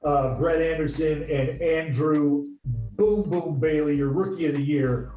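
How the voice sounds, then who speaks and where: Brief: thirties man, guest storyteller, slightly high voice, echoey room, faint music behind. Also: measured pace. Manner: animated, spins anecdotes with voiced quotes. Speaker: guest, former pitcher. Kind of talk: storytelling in a casual interview.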